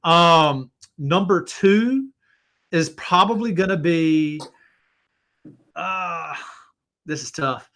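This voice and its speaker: A man's voice: a little high, very slow, pauses often, a bit bright. A middle-aged man hosting a casual chat, talking with rambling enthusiasm about movies he loves. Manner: enthusiastic, rambling fan talk. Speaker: host.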